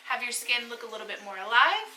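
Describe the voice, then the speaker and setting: A young woman hosting a casual vlog, chatty and quick to laugh. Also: a little high, big pitch swings, bright, forceful tone, a little hiss or hum. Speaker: vlogger host. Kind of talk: casual chat. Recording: echoey room with faint music.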